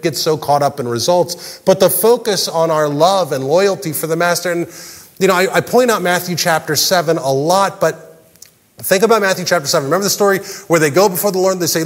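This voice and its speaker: A man's voice: high-pitched, big-room sound. A male pastor preaching a sermon in an earnest way, often repeating words as he presses a point.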